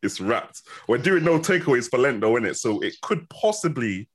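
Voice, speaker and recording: A young man, a podcast guest chatting in a relaxed, slangy way and agreeing readily. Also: mid-range voice, moderate pace, breathy edge. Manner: laid-back, slangy, agrees a lot. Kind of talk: casual chat.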